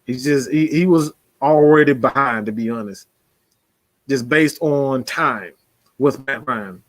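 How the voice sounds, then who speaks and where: A man's voice: mid-range voice, a little slow, no room sound. A man giving casual, slangy football commentary, talking loosely with frequent laughs. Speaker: sports commentator. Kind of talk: casual sports talk.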